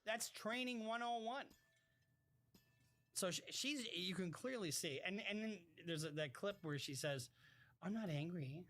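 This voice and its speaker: This man's voice is high and sharp, and he talks a little slowly. He's doing casual live-stream commentary and reading viewer messages aloud, bluntly and with plenty of swearing, frequently halting and restarting his sentences.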